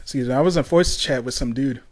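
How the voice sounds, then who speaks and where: A man's voice: medium pitch, fast talker, a little mellow. A young man hosting a casual solo podcast, rambling along with lots of ums, restarts and tangents. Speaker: podcast host.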